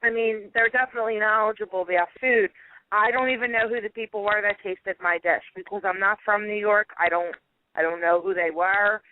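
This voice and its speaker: A woman's voice: medium pitch, steady tone, brisk, slight background noise. A woman is talking over a thin, tinny phone line in a chatty, storytelling way. She laughs often as she talks. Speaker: guest. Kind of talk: casual phone interview.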